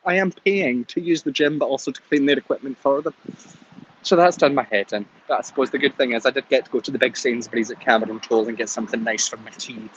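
A man's voice: mid-range voice, fast, fairly bright tone, lo-fi sound, a little hiss or hum. A man with a Scottish accent leaving a chatty, cheerfully ranting voice message for a podcast. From Scotland. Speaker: caller.

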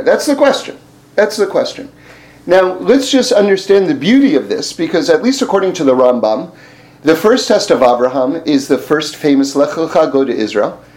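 High-voiced male Torah teacher, lively and informal, laughs easily between points. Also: poor audio. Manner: animated, laughing, repeats words while thinking.

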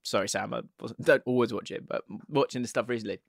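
A man co-hosting a casual football podcast, chatty and rambling, with frequent giggles and half-finished sentences. His voice sits at an ordinary middle pitch. It is recorded close on a podcast mic in a dry space with no room sound. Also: fast, gravelly, no room sound. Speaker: podcast co-host.

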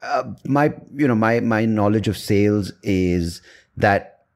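A man with a somewhat low voice hosts a podcast conversation. He builds long, winding questions, often restarting mid-phrase and checking in with "right?" as he goes. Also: slow pace, a little mellow. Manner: rambling, restarting, many fillers and "right?". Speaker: podcast host.

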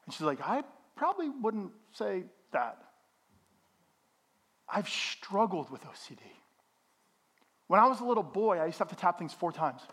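A middle-aged man preaching a sermon as a pastor in a church, animated and joking with the congregation. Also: high-pitched, a little fast, husky.

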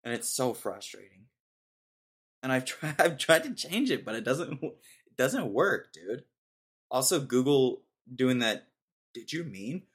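A young man talks alone into the mic, hosting his own podcast. His voice sits at an ordinary middle pitch, and he rants in an exasperated, mocking way. He keeps cracking himself up between complaints. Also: very animated, a little slow, husky. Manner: ranting, exasperated, mocking, laughs at own jokes. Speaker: podcast host. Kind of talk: casual solo podcast rant.

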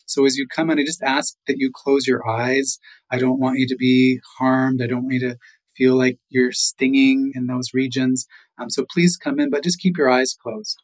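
A man's voice: mid-range voice, flat delivery, moderate pace, close to an everyday voice, low-quality recording. A man voicing a tired, grumpy male trickster spirit in a told legend, speaking in a weary, put-upon way. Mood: coaxing.

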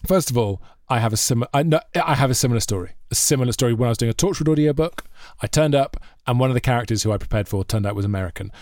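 A male podcast host who jokes and teases in casual chat. His pitch swings widely as he talks, and the recording is dry and close, with no room sound. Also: no echo. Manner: excitable, jokey, quick to tease. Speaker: podcast host and radio presenter.

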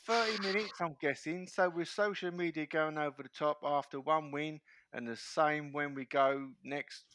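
A man's voice: on the high side, steady tone, moderate pace, fairly bright tone, no echo. A man co-hosting a casual talk show, joking as he reads listener messages aloud. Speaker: podcast co-host reading fan messages. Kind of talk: casual banter.

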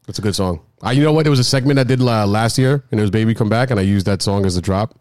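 A man hosting a casual podcast, joking and greeting loudly, his voice a bit cracked. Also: lowish voice, rapid-fire, no room sound, clean studio sound. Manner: joking, hype-style greetings. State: scratchy voice cracking. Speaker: podcast host.

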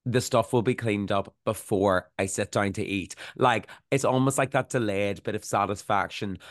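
A man's voice: on the low side, moderate pace, no echo, studio quality. A man co-hosting a podcast, telling stories in a loose, laughing way with lots of fillers. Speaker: podcast co-host. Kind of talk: casual podcast chat.

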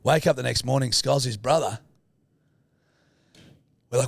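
A man's voice: medium pitch, lively intonation, normal speed, vocal fry, pauses often, no echo. A man in his thirties with an Australian accent, telling a rowdy story in casual chat, swearing freely and acting out the voices of the people in it. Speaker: podcast co-host.

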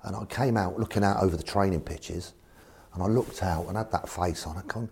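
A man's voice: sits low, fairly quick, gravelly, background noise. A man, a former football manager, telling anecdotes in an interview, acting out the voices of the people in them. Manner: animated storyteller acting out voices.

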